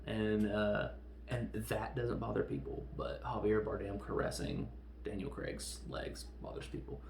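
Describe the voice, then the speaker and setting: A man with a gravelly, creaky voice recaps a film in a loose, chatty way, briefly acting out lines of dialogue as he talks. He sounds like he is recording in a roomy, echoey space with a faint hum of ambience behind him. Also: lowish voice. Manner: animated retelling with quick acted-out quotes. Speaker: podcast host reviewing films.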